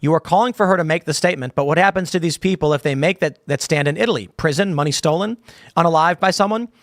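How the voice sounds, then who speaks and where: A man's voice: fairly high pitch, fast talker, no room sound, clean studio sound. A man hosting a live show, reading chat comments and riffing on them in a rambling way, full of fillers and restarts. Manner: rambling, many fillers and repeated starts. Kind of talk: casual live-stream commentary.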